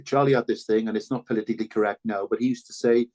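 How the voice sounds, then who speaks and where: An older man talks as a podcast guest, recounting his past in a candid, earnest way. His voice sits fairly low and he often stops and restarts mid-sentence. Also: fast talker, hardly any pauses, darkish tone. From Wales. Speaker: podcast guest, former rugby full back. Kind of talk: reflective conversational storytelling.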